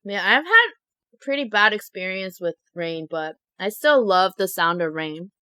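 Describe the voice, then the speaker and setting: A young woman vlogger telling a story to her viewers in a chatty, animated way, full of fillers. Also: mid-range voice, unhurried, smooth, no echo, studio quality. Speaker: mukbang vlogger.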